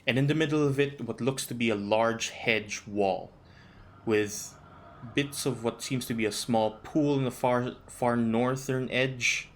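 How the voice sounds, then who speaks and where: A man narrates a tabletop game as its game master in an easygoing, unhurried manner, pausing with ums as he describes the scene. His voice sits at a middle pitch, and a faint hiss of background noise runs under the call. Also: steady tone. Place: home, online voice call.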